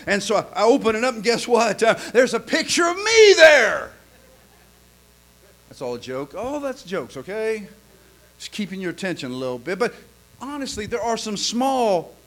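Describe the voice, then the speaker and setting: High-voiced folksy preacher man. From lives in Oklahoma. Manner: folksy storyteller, repeats himself, stammers and laughs, swings from quiet to loud. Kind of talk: joke-telling sermon.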